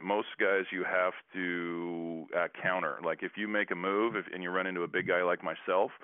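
A man in his forties, a former basketball player, telling stories as a guest with dry self-deprecating humor and halting fillers. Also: low voice, clear, resonant tone, no room sound. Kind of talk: casual storytelling interview. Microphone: phone. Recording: tinny phone line.

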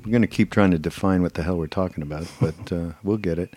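A man's voice: low-pitched, fast, darkish tone, breathy edge, no echo, faint music behind. A man co-hosting a casual chat, talking hesitantly with many fillers. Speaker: co-host.

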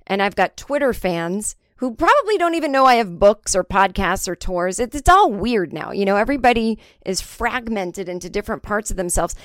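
An American woman comedian hosts her own podcast, delivering a candid, rambling monologue that turns profane now and then. Her voice sits at a medium pitch, and the studio-quality recording has no room sound.

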